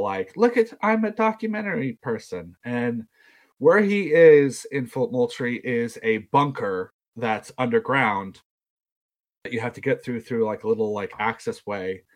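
A young man from South Carolina with a Southern US accent, telling a story in a rambling, self-deprecating way. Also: mid-range voice. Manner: rambling, self-deprecating, acts out quoted voices. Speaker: podcast storyteller. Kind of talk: casual storytelling.

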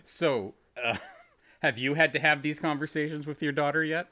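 A man co-hosting a podcast, throwing in teasing questions and quick jokes in casual chat. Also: fairly high pitch, bright, forceful tone. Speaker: podcast co-host.

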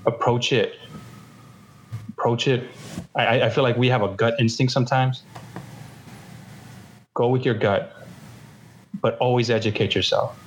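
A man's voice: mid-range voice, steady tone, measured pace, pauses often, highs cut off, a little hiss or hum. A man giving earnest advice on fatherhood and faith in casual talk, often repeating words as he searches for them.

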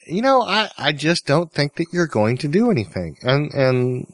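A man hosting a podcast in casual, relaxed chat, joking easily with his co-hosts. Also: a little high, normal speed, no echo. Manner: relaxed, easygoing, joking banter. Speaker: podcast host.

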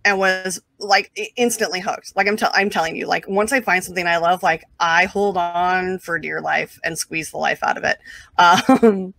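A woman telling a long personal story as an interview guest, casual and animated, full of fillers and quick asides. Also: fairly low pitch, creaky.

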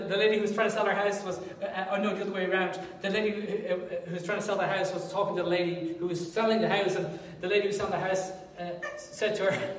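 A man preaching a sermon in a jokey, animated way, swelling loud at times. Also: sits high. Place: church hall. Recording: echoey hall from far off.

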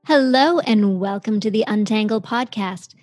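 A woman's voice: medium pitch, moderate pace, a little mellow, soft background music. A woman hosting a podcast, introducing her guest in an upbeat, effusive way. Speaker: podcast host.

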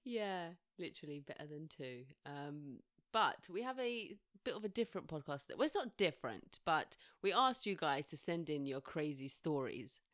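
A woman co-hosting a podcast in casual chat, tired but chatty and quick to laugh. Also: low voice, big pitch swings, fairly bright tone, dry recording, clean studio sound. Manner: chatty, laughs often, reads listener stories aloud. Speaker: podcast co-host.

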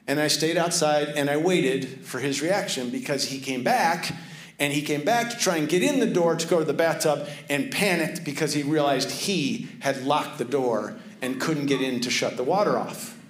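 A man giving a sermon. He tells a lively personal story, then drops to hushed, earnest tones. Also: fairly high pitch, moderate pace. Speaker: pastor. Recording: echoey room.

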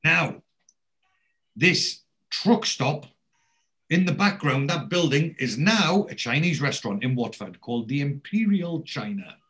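A podcast host with a fairly high-pitched male voice recaps a TV episode casually at a measured pace. He tells it like an animated storyteller, acting out the characters' quoted lines as he goes.

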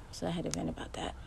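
This young woman's podcast monologue is a casual, profane, blunt rant told as heated storytelling. Her voice sits low and sounds creaky, with slight background noise.

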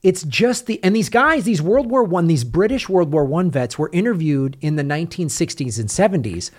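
A man with a fairly high-pitched voice speaks at a normal speed. He hosts a casual film review podcast, telling a story with energy as an animated storyteller who retells what other people said.

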